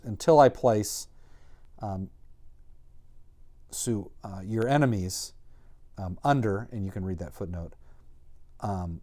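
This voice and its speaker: A man teaching a Greek workbook lesson in a casual, halting way, with many ums and self-corrections. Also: low voice, dark tone.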